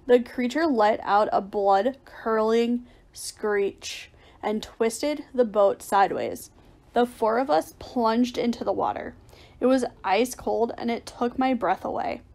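Woman reading a children's adventure story. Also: on the high side. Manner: lively, voices the shouted lines with a raised voice. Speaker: audiobook reader. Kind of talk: storybook narration.

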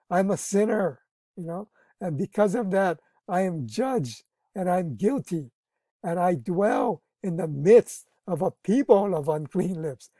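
A man's voice: sits high, animated, a little slow, dark tone, no room sound. A man teaching a Bible study, explaining earnestly, often restarting his sentences and stressing key words.

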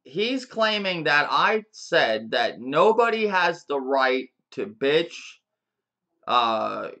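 Man, bright tense tone, fairly high voice, casual swearing rant, chuckles and restarts. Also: very animated, takes it slowly. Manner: profane, chuckling, repetitive restarts. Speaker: gaming YouTuber.

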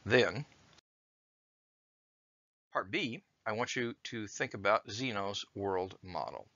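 Male teacher, measured explainer, bright forceful tone, dull lo-fi dry recording. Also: lowish voice, no echo. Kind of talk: recorded lecture with read-aloud story.

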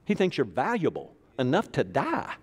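A man's voice: medium pitch, wildly swooping pitch, normal speed, slightly rough. A man from Arkansas, preaching a sermon as pastor in a folksy, joking style that calls on the congregation to repeat after him. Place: church sanctuary. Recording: echoey church hall.

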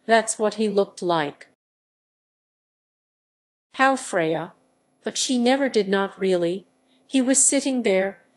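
A woman reading a classic novel aloud as an audiobook narrator, in a measured, steady manner. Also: fairly low pitch. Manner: slow, measured reading with quoted voices kept close to her own. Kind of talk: scripted narration.

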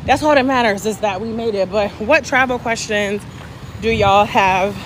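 A woman's voice: mid-range voice, normal speed, a little hiss or hum. A middle-aged woman from the South, chatting casually with livestream viewers while walking outdoors, joking and answering their comments. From Southern United States. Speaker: travel vlogger. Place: city street outdoors with traffic. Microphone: phone held at arm's length.

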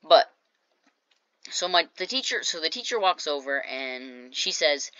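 A woman's voice: deep voice, big pitch swings, moderate pace, sharp tone, no echo, highs cut off. A woman casually telling a storytime vlog, chatty and jokey, acting out what people said. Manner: chatty, jokey asides, acts out quoted lines. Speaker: storytime vlogger.

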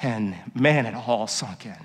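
A middle-aged man, a worship pastor, preaching a sermon and telling personal stories, dropping to quiet confession and rising to emphatic points. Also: lowish voice, measured pace, husky. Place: church sanctuary. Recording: long reverb of a church hall.

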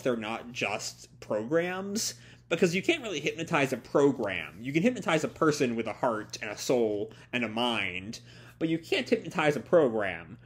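A man hosting a casual manga reaction, recapping the chapter and sharing his opinions with many fillers. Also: mid-range voice. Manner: lively, with many fillers, reads quoted dialogue in put-on voices.

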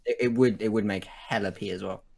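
Dry low-voiced man on call. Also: fairly even intonation, fairly quick, vocal fry, background noise. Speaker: guest. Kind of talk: casual chat on voice call.

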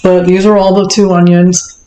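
A woman's voice: fairly low pitch, flat delivery, normal speed, background noise. A woman vlogger chatting in a rambling, self-talking way as she cooks in her home kitchen, recorded on a camera and phone on the counter. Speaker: cooking vlogger. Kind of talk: casual cook-along chat.

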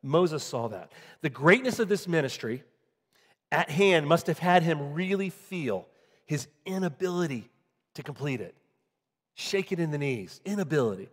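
A male pastor preaching a sermon, swinging from loud emphatic peaks to quiet low asides. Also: lively intonation, normal speed, slightly rough. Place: church sanctuary. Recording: long hall reverb.

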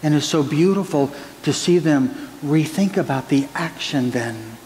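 Pastor preaching in a reverberant church. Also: male voice, fairly high pitch, expressive, unhurried, darkish tone. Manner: earnest preaching with prayer and counseling stories. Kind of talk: sermon. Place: church sanctuary. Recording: church hall reverb, faint room noise.

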